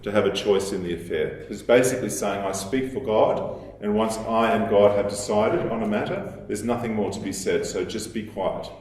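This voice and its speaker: A man giving a lecture in a measured, explanatory way, with fillers and restarts as he thinks aloud. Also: lowish voice, darkish tone, slight background noise. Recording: echoey hall, voice from a distance.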